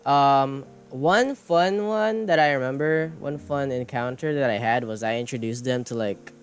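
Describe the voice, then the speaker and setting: A man's voice: mid-range voice, unhurried, smooth. A man streaming, chatting casually while he draws, rambling and mocking himself, swearing and laughing often. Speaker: streamer and animator. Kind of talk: casual chat while drawing. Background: soft background music.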